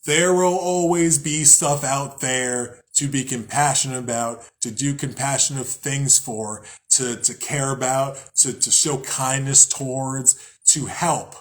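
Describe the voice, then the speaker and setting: A man's voice: medium pitch, steady tone, takes it slowly, hardly any pauses. A young man hosting a podcast, talking casually and loosely about spirituality, swearing often, laughing at himself and sometimes acting out angry voices. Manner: rambling, profane, laughs at himself. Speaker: podcast host.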